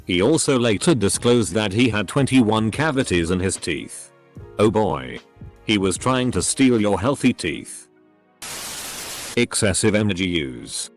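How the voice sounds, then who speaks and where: A synthetic male computer voice, set fairly low, reads online posts aloud one short clipped sentence after another. The pitch swings up and down through each line. Faint music plays underneath. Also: big pitch swings, a little slow. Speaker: narrator reading posts aloud. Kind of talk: text-to-speech reading of online posts.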